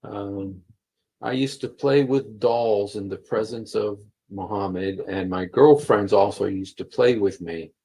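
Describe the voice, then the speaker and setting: A man leads a live stream, reading texts aloud and stopping to press his points with repetition. His voice is on the low side and husky. He speaks slowly through a computer mic. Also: dark tone, poor audio. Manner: emphatic, repeats key phrases, many fillers. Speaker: livestream host. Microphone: computer mic while streaming.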